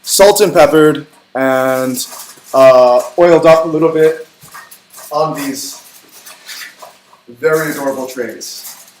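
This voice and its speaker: A man hosting a cooking livestream, talking in a chatty, upbeat way with quick asides while he cooks. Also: on the high side, a little mellow. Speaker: cooking show host. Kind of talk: casual cooking livestream chat. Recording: echoey room from far off, faint noise.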